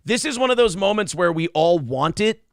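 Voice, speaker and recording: Male show host, loose and profane, raspy and a little high. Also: brisk, no room sound, studio quality. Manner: profane, animated, jokey. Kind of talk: casual podcast chat.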